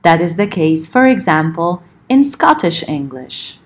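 Woman, lecturer, low-pitched, slow and careful, explanatory. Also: sing-song. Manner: measured, explanatory, slows to spell out examples. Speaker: linguistics lecturer. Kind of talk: recorded lecture.

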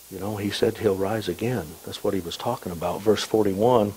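A man preaching a sermon as pastor, reading scripture aloud with slow emphasis and dropping in light, humorous asides. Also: fairly low pitch, a little mellow, breathy edge, rough recording.

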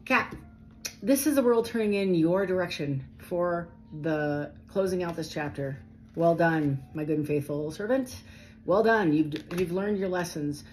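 A woman giving a casual, animated tarot reading, talking straight to her viewers in a chatty way. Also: on the low side, moderate pace, soft background music, poor audio. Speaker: tarot reader.

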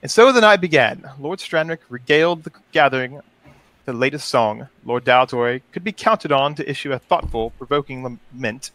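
A man's voice: mid-range voice, expressive, moderate pace, a bit bright, dry recording, close to an everyday voice. A man voicing a pompous lovesick elf lord. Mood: wistful. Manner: flowery, pompous storytelling. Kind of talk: reading a role-play story aloud.

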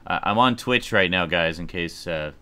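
A man streams a horror game while chatting with friends on a call, joking loosely and swearing casually now and then in a relaxed live-stream chat. His voice sits low, at normal speed, with a sharp, clear and resonant tone.

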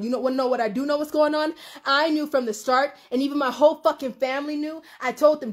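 Young woman, high voice, impassioned and profane livestream rant. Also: brisk. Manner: emotional, profane, swings between shouting and laughing. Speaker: livestream host.

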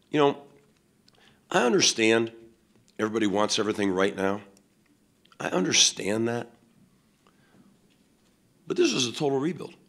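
A man's voice: mid-range voice, vocal fry, a bit bright. A man, a head football coach, answering questions at a post-game press conference in a blunt, emphatic way, with many fillers.

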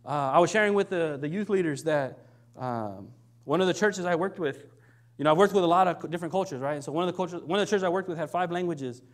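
Young guy preaching, chatty, keeps saying right?, pitch a bit high. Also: quick pace. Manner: conversational, keeps asking "right?"; acts out quoted lines in shifting voices. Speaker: minister. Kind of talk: sermon.

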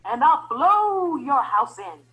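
Lady doing a big bad storybook wolf, angry, loud huffing threats, slow and swoopy. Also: high-pitched, sing-song, heavily acted, poor audio. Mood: roaring threats. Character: big bad male wolf, furious and roaring.

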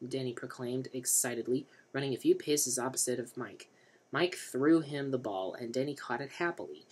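A man's voice: mid-range voice, brisk, slightly rough. Guy reading a novel for laughs, dry wry narration. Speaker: reader.

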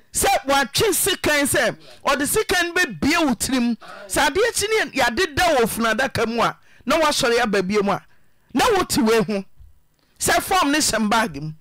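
A Ghanaian woman hosts a radio advice show, her voice very high, bright and lively in pitch. She questions a caller in a forceful, scolding way and at times shouts. The studio sound is dry and close. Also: moderate pace, no room sound. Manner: scolding, emphatic, sometimes shouting. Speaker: radio counsellor host.

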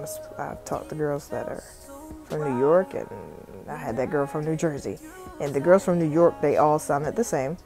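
A young woman with a Southern accent and a notably deep voice talks through a phone tutorial. Her delivery is loose, rambling and full of cursing, recorded on a phone mic with faint music underneath. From South Carolina. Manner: rambling, profane, chatty. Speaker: tutorial vlogger and music artist. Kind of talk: casual screen-recording voiceover. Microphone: phone microphone.

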